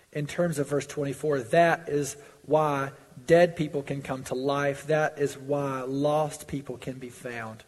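A pastor preaches a sermon in a church sanctuary, his slightly husky voice earnest and emphatic, with long reverb trailing his words. He swells loud on his pleas and drops low on warnings and sober points.

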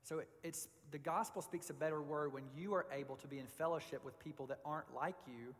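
A man, a pastor, giving an informal sermon in a halting way with many fillers and restarts. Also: fairly high pitch, long reverb tail.

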